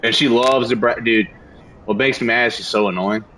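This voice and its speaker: A man's voice: mid-range voice, steady tone, brisk, bright, forceful tone, a little hiss or hum, poor audio. A young man streaming a game on a headset mic, telling stories in a laid-back, casual way with lots of swearing. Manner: laid-back storytelling, heavy swearing, frequent laughs. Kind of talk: casual chat while gaming.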